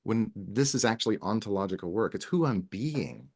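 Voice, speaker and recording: A man's voice: fairly low pitch, lively intonation, normal speed, a little mellow, slightly rough. A man speaking as a guest in a casual podcast interview, earnest and rambling, with frequent restarts. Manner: earnest, talks in long runs with many restarts. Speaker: wellness guest.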